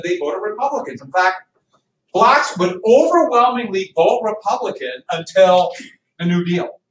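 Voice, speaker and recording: Man teaching history, high voice, chatty and teasing, echoey classroom heard from far off, faint hiss. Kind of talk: classroom lecture.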